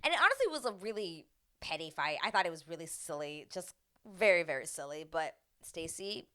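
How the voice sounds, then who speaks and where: A young woman talks through a reality-show recap in a loose, gossipy way, slipping into other people's lines and cursing casually. Her voice sits a little low but comes out crisp and bright. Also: big pitch swings, a little fast. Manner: chatty, acts out quotes, swears casually. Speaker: TV recap host.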